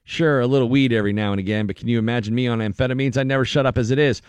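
A man's voice: medium pitch, very fast, clean tone, dry recording. A man hosting a morning radio show, chatting casually in a wry, joking manner. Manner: animated, wry, breaks into mocking impressions. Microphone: studio microphone.

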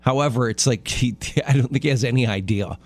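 A man's voice: brisk, soft background music. A middle-aged man co-hosting a playful casual radio chat. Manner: playful, puts on a low crooning voice for jokes. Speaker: radio co-host.

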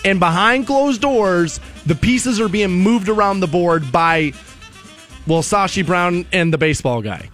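A man's voice: sits high, unhurried, a bit bright, faint music behind. A man hosting a sports talk show, making opinionated arguments and repeating his points for emphasis. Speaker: radio sports show host.

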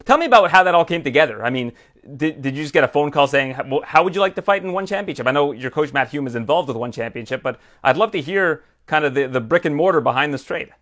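Casting: male interviewer, brisk pace, chatty and probing. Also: medium pitch, fairly bright tone. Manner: fast, probing, with fillers. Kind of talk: interview questions.

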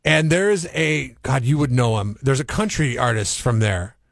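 A man's voice: medium pitch, normal speed, vocal fry, no echo. A man co-hosting a morning radio show, chatting casually and laughing often. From California.

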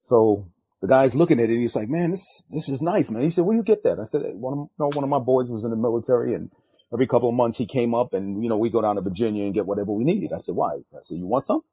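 Animated older man, dark husky voice. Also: rapid-fire, no echo. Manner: animated, jumps loud and high acting out quotes; profane, street-style speech. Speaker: guest, retired drug agent. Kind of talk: storytelling in a podcast interview.

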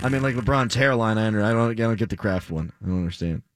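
A man's voice: lowish voice, rapid-fire, over loud music. A man hosting a radio show, cracking sarcastic jokes in casual banter. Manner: wisecracking, sarcastic.

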